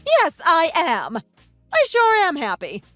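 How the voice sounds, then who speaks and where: A woman's voice: sits high, very animated, normal speed, a bit bright, no echo, soft background music. A woman voicing a snobbish, spiteful young woman in a voiced texting story, with haughty, sneering outbursts. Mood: scornful.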